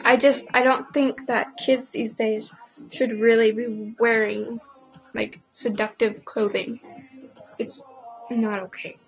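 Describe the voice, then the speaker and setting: A teenage girl ranting casually to camera, rambling and indignant, filling every pause with "like". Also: fairly high pitch, little pitch movement, soft background music, poor audio. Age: teens. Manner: rambling, packed with "like" fillers; indignant, opinionated. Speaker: vlogger.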